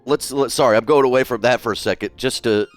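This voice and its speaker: Faint music sits behind a man speaking quickly in a mid-range voice. He's drawing live for viewers, chatting loosely, reading their messages aloud and swearing often.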